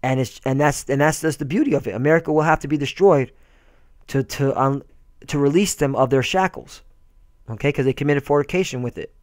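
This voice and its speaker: A man's voice: medium pitch, brisk, no echo, studio quality. A man preaching a fiery, profane sermon and reading scripture aloud. He stumbles and repeats himself often and keeps asking "all right?".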